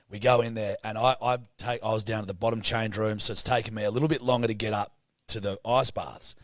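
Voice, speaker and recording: A man's voice: lowish voice, fast, dry recording, clean studio sound. A man co-hosting a casual podcast, telling a story full of swearing and acting out the people in it. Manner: sweary, animated storyteller who acts out the people in his tales. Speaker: podcast co-host.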